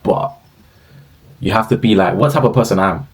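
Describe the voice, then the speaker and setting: A young man holds forth in loose, street-slangy commentary, swearing and exclaiming as he goes. His voice sits slightly low. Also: lively intonation, fairly quick, rough recording. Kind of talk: casual ranting commentary.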